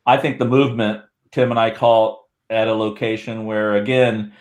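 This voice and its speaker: A man on a podcast as a guest researcher, telling a rambling, animated story in casual chat. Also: lowish voice, normal speed.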